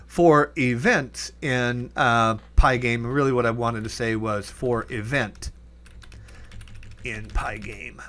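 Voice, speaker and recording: A man with an ordinary mid-pitched voice walks through his code in a loose, unscripted way. He trails off into quiet mutters, catches his own mistakes, and keeps on explaining while keys clatter under his talk. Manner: thinking aloud while typing, many fillers and self-corrections. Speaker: programming instructor. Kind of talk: casual coding tutorial.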